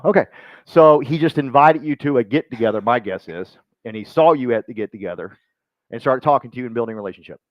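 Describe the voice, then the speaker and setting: A man speaking to a live group at a business meeting, joking and acting out quick voices as he goes. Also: mid-range voice, dry recording, dull audio. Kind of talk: motivational talk to a live group.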